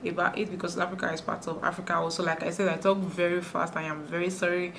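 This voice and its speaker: A woman from Nigeria talking fast to camera in a sit-down vlog, with frequent restarts. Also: on the low side, flat delivery, a bit bright, a little hiss or hum. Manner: talks fast, many restarts. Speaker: YouTuber. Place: indoors, sit-down video.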